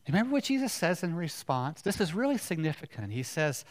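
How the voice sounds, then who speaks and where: A male preacher giving a conversational sermon, often asking the congregation questions and dropping from loud passages to hushed ones. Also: on the high side, big pitch swings, fast, hardly any pauses.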